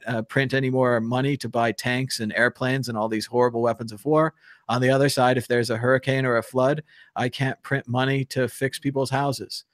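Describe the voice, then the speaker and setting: A man hosting a live call-in talk show, speaking in an animated, opinionated way with geeky tangents. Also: mid-range voice, no room sound, clean studio sound. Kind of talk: casual live call-in discussion.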